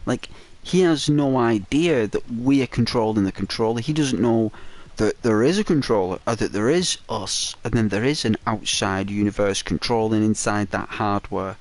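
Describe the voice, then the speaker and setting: A man's voice: lowish voice, moderate pace. A man giving casual, rambling gameplay commentary, musing aloud and giggling between thoughts. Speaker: gaming channel host.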